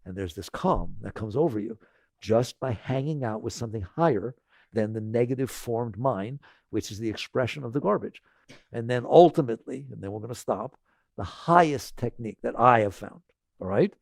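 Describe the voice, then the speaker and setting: Gravelly man giving a spiritual talk. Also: mid-range voice, expressive, dry recording, clean studio sound. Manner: conversational, tags lines with "right?"; repeats phrases slowly and gently. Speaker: spiritual teacher.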